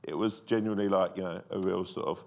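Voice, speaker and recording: A man's voice: sits low, fast talker, creaky, a little hiss or hum. A comedian in a casual interview, telling anecdotes and acting out other people's voices as he goes. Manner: animated storyteller who acts out quoted voices. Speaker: comedian guest.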